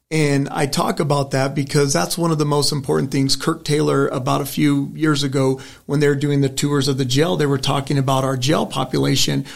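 A man's voice: mid-range voice, vocal fry. A middle-aged man, a political candidate, answering an interview question in an earnest, rambling storytelling way with frequent restarts. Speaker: state senate candidate.

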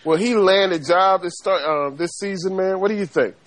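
A man's voice: high-pitched, normal speed. A man with a Southern accent co-hosting a sports talk show, emphatic and folksy, calling everyone "man". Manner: emphatic, folksy, repeats 'man'. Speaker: co-host.

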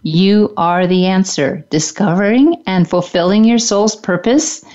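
A woman's voice: medium pitch, unhurried, darkish tone, dull audio. A woman hosting a radio show, chiming in with friendly conversational remarks.

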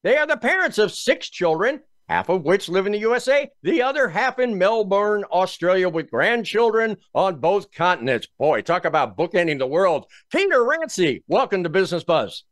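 A man's voice: high voice, sing-song, moderate pace, few pauses, a bit bright, no echo, studio quality. A man hosting a business talk show, introducing and interviewing a guest in a folksy, emphatic way. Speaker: show host.

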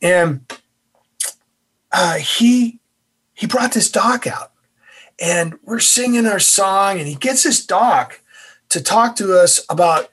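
A man's voice: sits high, expressive, slow, long pauses, fairly bright tone, slightly rough. A man, a former navy officer, telling a story as a guest in an interview, acting out the voices.

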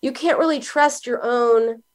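A middle-aged woman psychoanalyst talking casually as an interview guest, animated and laughing as she tells stories. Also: on the high side, a little slow. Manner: animated storyteller, acts out quoted voices with a laugh.

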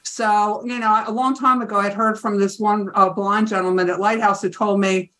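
A woman's voice: mid-range voice, level tone, moderate pace, a bit bright. A woman interview guest, telling a personal story in a reflective way. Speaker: guest, author. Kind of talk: interview talk.

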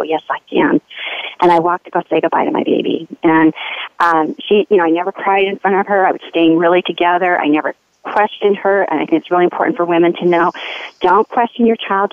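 A woman's voice: lowish voice, dry recording. A woman giving an earnest personal testimony as a mother, telling her story with urgency. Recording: tinny phone line.

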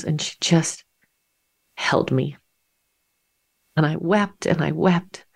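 A woman in her fifties, a divorce coach and podcast host, telling a personal story in a candid, reflective way. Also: on the low side. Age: 50s.

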